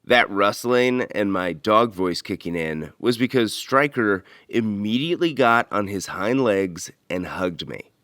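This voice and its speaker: A man hosting a podcast, reading scripted investigative narration in a measured, earnest way. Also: lowish voice, expressive, fairly bright tone, no echo, studio quality. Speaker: podcast host and reporter.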